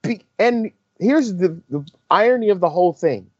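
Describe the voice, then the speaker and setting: A man co-hosting a golf podcast, telling a story in a casual, animated way and acting out the quotes. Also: high voice, normal speed, no room sound, dull audio. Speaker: podcast co-host, on-course reporter.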